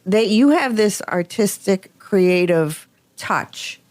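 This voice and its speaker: A woman's voice: mid-range voice, expressive, takes it slowly, darkish tone, no room sound. Upbeat woman radio host, dry studio sound. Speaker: radio show host and real estate broker. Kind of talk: radio talk show hosting.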